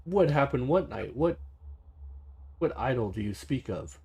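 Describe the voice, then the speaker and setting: A man's voice: medium pitch, lively intonation, unhurried, creaky, darkish tone, breathy edge, exaggerated voice. A man voicing a tall, scarred, rail-thin male stranger who speaks politely and formally in a tabletop game. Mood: puzzled. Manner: polite, formal, easily flustered.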